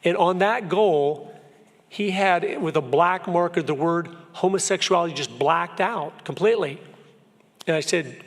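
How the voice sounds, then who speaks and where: A man's voice: high-pitched, measured pace. Earnest man speaking in a reverberant church. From Florida. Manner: earnest storyteller, emphatic, shifts pace a lot. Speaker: guest speaker. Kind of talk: church talk with personal stories. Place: church sanctuary. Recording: long hall reverb.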